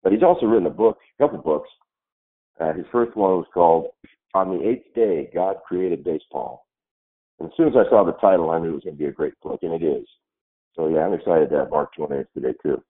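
A man hosting a casual talk show in a relaxed, easygoing way. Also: deep voice, fairly quick, breathy edge. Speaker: podcast host. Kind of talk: casual chat. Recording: phone-like narrow sound.

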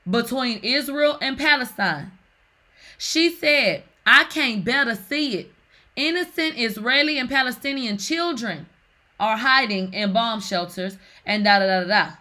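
A woman hosting casual gossip commentary in a sassy, slangy way, reading out online comments and reacting to them. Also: on the high side. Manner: sassy, animated, slangy, reads comments aloud. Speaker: commentary host.

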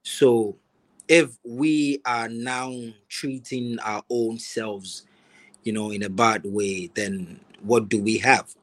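A man chatting slowly and thoughtfully on a video call as a guest musician. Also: lowish voice, steady tone, fairly bright tone, poor audio. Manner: slow, thoughtful, restarts and fillers. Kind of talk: casual interview chat.

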